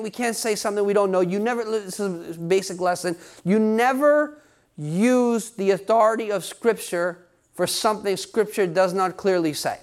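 A male pastor preaching a sermon, speaking emphatically to his congregation, often asking them questions and laughing now and then. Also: sits high. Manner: talks straight to the congregation, asks questions.

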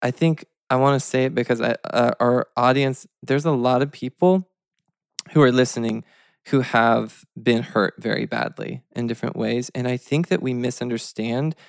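Male co-host, earnest and halting; gravelly smooth voice, dry studio sound. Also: medium pitch, steady tone, dry recording. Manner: earnest and halting, many restarts. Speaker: podcast co-host. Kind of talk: reflective interview talk.

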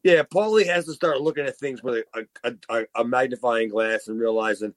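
A man's voice: medium pitch, fairly quick, hardly any pauses, no room sound. A man hosting a casual wrestling review podcast, rambling with restarts and frequent laughs. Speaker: podcast host.

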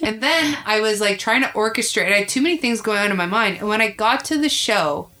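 Speaking a little fast at a medium pitch, a comedian guest in her thirties swaps unfiltered, expletive-laden tales in an informal chat. She tells them with animated flair.

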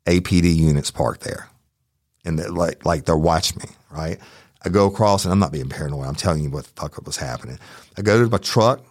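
A man's voice: low voice, fairly quick, dry recording, clean studio sound. A middle-aged man, hosting a true crime podcast and telling a story in a heated, profane way. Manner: profane, heated, animated retelling. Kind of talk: storytelling, casual monologue.

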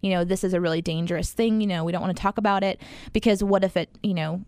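A woman's voice: lowish voice, fairly even intonation, quick pace, a little mellow, clear, resonant tone, dry recording, clean studio sound. A woman telling a personal story in casual conversation, rambling with many fillers and frequent laughs. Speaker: guest sharing her story.

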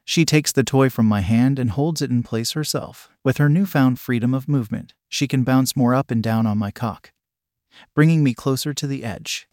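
A man's voice: mid-range voice, darkish tone, no room sound. Man reading an erotic story, dry sound. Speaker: narrator. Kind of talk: first-person erotic story narration.

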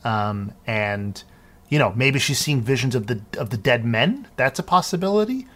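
A man's voice: medium pitch, expressive, moderate pace, fairly bright tone. A man casually recapping a movie on a podcast, talking loosely with lots of ums and restarts. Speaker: podcast co-host. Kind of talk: casual film recap chat.

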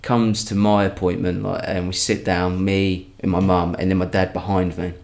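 A man's voice: low voice, flat delivery, moderate pace, gravelly, a little mellow. A young man, a comedian, casually telling a long anecdote with frequent restarts and self-corrections. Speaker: comedian guest. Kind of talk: casual storytelling.

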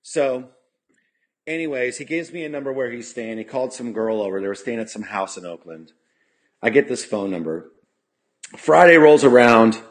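A man's voice: medium pitch, expressive, moderate pace. A man from California telling a long story as a podcast guest, full of "you know" fillers and acted-out quotes. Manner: acts out quoted dialogue. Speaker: podcast guest, punk musician. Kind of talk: casual storytelling. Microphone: podcast studio mic.

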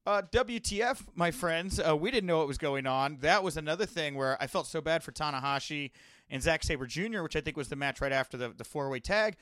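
Young guy podcast host rambling through a story, a bit high, smooth and dry sounding. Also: fairly quick, dry recording. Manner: animated, rambling anecdotes with asides. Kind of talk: casual storytelling monologue.

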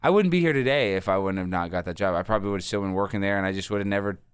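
A man's voice: deep voice, racing, clear, resonant tone, dry recording, clean studio sound. Rambling man telling stories. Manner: rambling, animated storytelling with many fillers. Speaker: guest. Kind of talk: casual interview storytelling.

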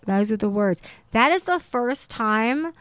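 A woman guest on a podcast, telling stories in a loose, halting way with restarts and laughter. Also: a little high, expressive, fairly bright tone, clear, resonant tone, dry recording. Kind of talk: casual storytelling chat.

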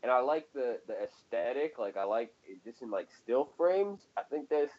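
A man's voice: mid-range voice, lively intonation, moderate pace, dull audio. A man co-hosting a casual podcast chat, profane and ranting, laughing often. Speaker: podcast co-host.

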